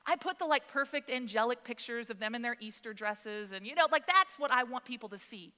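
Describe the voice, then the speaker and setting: A woman in her thirties, a mother of three, preaching a sermon in a casual, conversational way, full of lively asides. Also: a little high, fairly quick. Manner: conversational, animated storytelling. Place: church sanctuary. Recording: long hall reverb.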